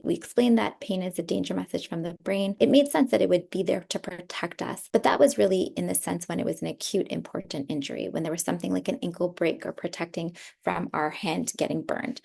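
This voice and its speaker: A woman pain clinician calmly explaining chronic pain with everyday metaphors, with a Canadian accent. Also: fairly low pitch, vocal fry, husky. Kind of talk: educational explanation.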